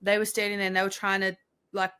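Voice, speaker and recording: A woman's voice: mid-range voice, monotone, fast, a bit bright, smooth. Chatty young woman, laughing. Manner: chatty, laughs often, enthusiastic. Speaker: podcast co-host. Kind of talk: casual chat.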